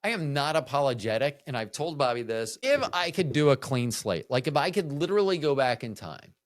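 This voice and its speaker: Lively, profane man musing aloud. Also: medium pitch, brisk, no echo, studio quality. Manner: profane, boastful and self-mocking. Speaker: video host. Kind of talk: casual rambling monologue.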